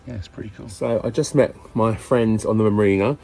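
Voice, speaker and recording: A man's voice: on the low side, fairly quick, vocal fry, a little mellow. A British man chatting casually to camera in a cheeky way, laughing often and swearing mildly as he vlogs about life on his boat. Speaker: narrowboat vlogger. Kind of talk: casual vlog chat.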